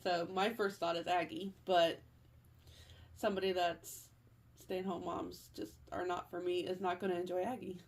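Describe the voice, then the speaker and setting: Low-key woman speaking from off-mic. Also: level tone, moderate pace, slight background noise. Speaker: author's daughter chiming in. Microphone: off-camera, away from the mic.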